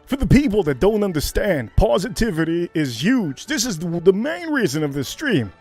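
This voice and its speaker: Male livestream host, high animated delivery, repeats himself, hypes the chat. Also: moderate pace, slightly rough, faint music behind. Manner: hyped, repetitive, shouts catchphrases.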